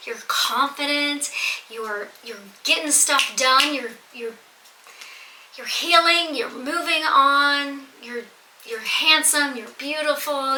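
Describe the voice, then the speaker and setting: A tarot reader gives a reading to her viewers in a high, pushed, bright voice, earnest and emphatic, repeating phrases to drive them home. She's in an echoey room with a bit of faint noise.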